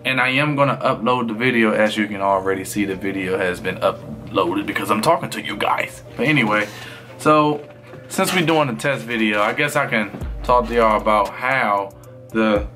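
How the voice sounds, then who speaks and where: A man's voice: on the low side, normal speed, bright, forceful tone, faint music behind. A man streamer in casual chat with his viewers, talking in a loose, rambling way full of fillers.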